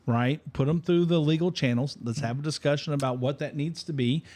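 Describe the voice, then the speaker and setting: A man's voice: a little high, brisk, darkish tone. A man talking politics and economics in a casual discussion, rambling with many restarts and fillers.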